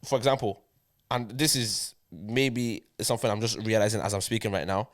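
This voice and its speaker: A man's voice: on the low side, steady tone, normal speed. A young man with an Irish accent, co-hosting a casual podcast chat and rambling with lots of "do you know what I mean". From Ireland. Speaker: podcast co-host.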